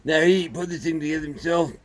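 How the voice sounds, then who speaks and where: A man with an Australian accent, talking casually and haltingly through a chainsaw repair, with many fillers. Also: fairly high pitch. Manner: rambling, plain-spoken, halting with fillers. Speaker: small engine repairer. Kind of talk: casual workshop video.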